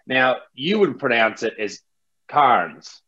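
A man's voice: medium pitch, normal speed, a bit bright. Laid-back Australian man, lo-fi sound. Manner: laid-back, self-mocking, many restarts. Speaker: guest. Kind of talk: casual interview chat.

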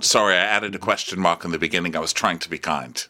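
Podcast co-host, middle-aged man, low bright voice, swoops around playfully while mocking reality TV. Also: fast talker, hardly any pauses. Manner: joking, acts out quotes in silly voices. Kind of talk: comedic recap chat.

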